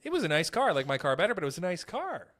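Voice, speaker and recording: A young man hosting a casual podcast, telling stories in an animated, profane way. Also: sits high, racing. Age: young adult. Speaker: podcast host; comedian.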